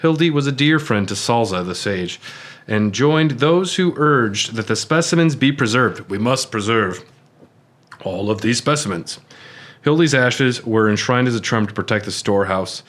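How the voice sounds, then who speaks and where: A relaxed man co-hosting a casual gaming podcast reads out item text and then riffs on it loosely, swearing now and then. He speaks at a moderate pace in a medium-pitched voice.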